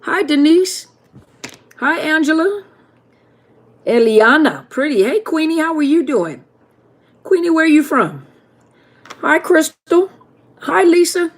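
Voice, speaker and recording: A woman's voice: high-pitched, very animated, slow pace, long pauses. A woman hosting a live question-and-answer stream, chatting casually and greeting viewers one by one by name.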